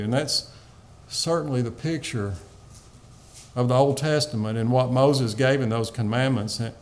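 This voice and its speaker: A man's voice: mid-range voice, unhurried. A man preaching a sermon, teaching on a psalm in an earnest, pleading way with some fillers.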